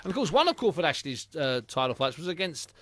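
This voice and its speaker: A man's voice: fairly high pitch, sing-song, fast, fairly bright tone. A man hosting a boxing podcast, chatting casually and reading out listener answers. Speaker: podcast host.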